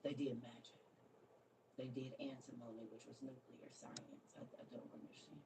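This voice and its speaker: A woman's voice: a bass voice, flat delivery, moderate pace, recorded from a distance. Woman livestream host, blunt and chatty, set back from the mic, faint background noise. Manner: blunt, chatty, reads a devotional aloud. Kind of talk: casual chat with viewers.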